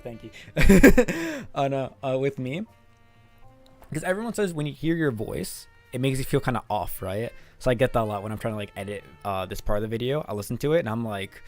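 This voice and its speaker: A man's voice: medium pitch, darkish tone. Laid-back streamer guy, laughs a lot. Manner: laid-back, laughs often, swears, says "dog" and "man". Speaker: streamer reading chat and translating manga. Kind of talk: casual live-stream chat.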